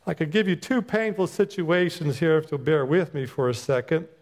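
A middle-aged man preaches a sermon in a folksy, conversational way, easing into stories before making his point. His voice sits a little high for a man. The sound carries a long reverb from the church around him. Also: expressive, normal speed. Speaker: chaplain pastor. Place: church sanctuary.

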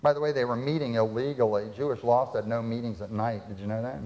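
A man's voice: mid-range voice, fairly even intonation, fast, darkish tone, dull audio. A man preaching a sermon as pastor, retelling scripture dramatically and asking the congregation rhetorical questions. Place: church sanctuary. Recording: long reverb of a hall.

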